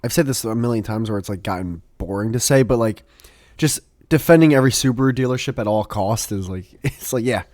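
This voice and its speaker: A man hosting a podcast in casual chat, animated and quick to laugh, swearing freely. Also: mid-range voice, no room sound, clean studio sound. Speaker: podcast host.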